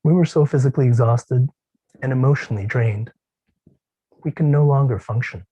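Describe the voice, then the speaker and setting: A man giving a dramatic storytelling speech at a contest, expressive, with drawn-out pauses and hushed tender passages. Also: medium pitch, breathy edge, no echo, highs cut off. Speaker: contest speaker.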